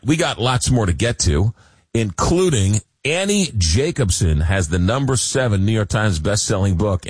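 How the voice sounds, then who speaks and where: A man's voice: lowish voice, no echo. Jokey man hosting late-night radio. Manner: jokey, repeats words, many fillers. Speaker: radio talk show host.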